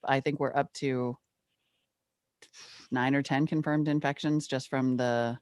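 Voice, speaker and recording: A woman's voice: a bass voice, fairly even intonation, measured pace, a little mellow, dry recording. Woman co-host, earnest and emphatic, dry close-miked sound. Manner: earnest, emphatic, repeats key points. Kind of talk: casual news chat.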